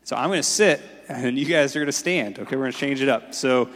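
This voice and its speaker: Speaking fast with a slightly bright, mid-range tone, a pastor delivers an informal sermon full of "like." The church sanctuary's size gives the audio a long, lingering reverb.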